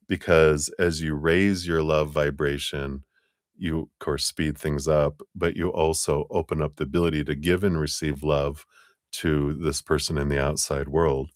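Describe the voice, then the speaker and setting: A man with a very low voice talks through a tarot reading on a live stream. He rambles in a relaxed, casual way, with plenty of fillers, and cheerfully thanks viewers by name. The sound is dry and close. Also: no room sound. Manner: loose, rambling delivery with many fillers. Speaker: tarot reader.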